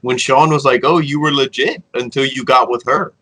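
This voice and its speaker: A man's voice: mid-range voice, moderate pace, bright, forceful tone, low-quality recording. A man co-hosting a casual wrestling review, joking and acting out what people said. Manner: joking, acts out quotes in voices. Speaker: podcast co-host.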